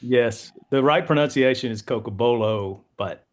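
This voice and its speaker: Sex: man. Origin: Louisiana. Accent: Southern US. Role: interview guest. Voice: on the low side. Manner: easygoing, relaxed. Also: moderate pace. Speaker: guest, duck call maker. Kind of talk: casual interview chat.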